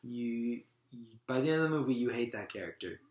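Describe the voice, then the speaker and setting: Co-host, chatty, opinionated, middle pitch, echoey room. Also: lively intonation, fairly quick, darkish tone. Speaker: co-host of a movie review show. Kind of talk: casual podcast chat.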